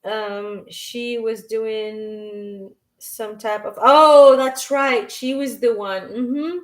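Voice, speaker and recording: A woman doing a live-stream tarot reading, reading chat questions aloud and answering them in a halting way, with frequent restarts. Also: a little high, fairly even intonation, rough recording. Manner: slow and unhurried. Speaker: tarot reader.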